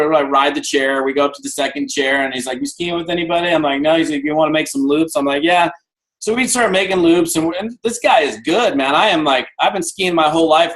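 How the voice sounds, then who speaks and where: A man in his fifties giving an energetic motivational talk on a video call, acting out the voices in his stories. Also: on the high side, poor audio. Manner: energetic storyteller, acts out dialogue. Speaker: guest speaker.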